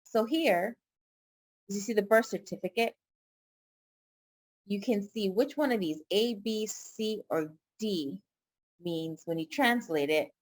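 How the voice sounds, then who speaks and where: A woman tutor talks slowly and patiently, repeating every word so her students can follow. Her voice sits at a medium pitch with an unhurried pace. She sounds like she is teaching an online lesson. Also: darkish tone. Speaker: pharmacy tech Spanish tutor.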